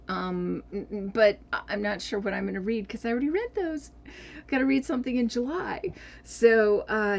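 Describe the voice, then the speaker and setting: A woman's voice: mid-range voice, darkish tone, dull audio. A woman vlogger chatting casually about books and journals, rambling with lots of fillers and restarts. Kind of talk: casual chat.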